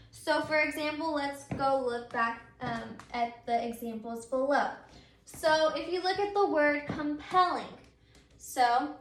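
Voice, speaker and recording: A woman teacher explains spelling rules patiently, one step at a time, with plenty of ums. Her voice is high and bright. It sounds like a roomy, echoey space. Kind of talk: recorded grammar lesson.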